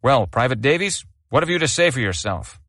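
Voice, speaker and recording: A man reading aloud plays a stern army colonel. He asks his questions in a measured, formal way, his pitch moving freely. The sound is dry and close. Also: sing-song, a bit bright, no echo. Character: stern army colonel presiding over discipline.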